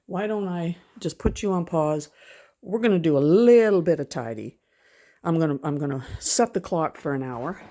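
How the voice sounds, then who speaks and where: A woman vlogging from her home in a loose, chatty way, wandering off track and circling back mid-sentence. Her voice sits a little lower than most women's. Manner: chatty, rambling, frequent self-corrections and laughs. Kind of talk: casual chat to camera.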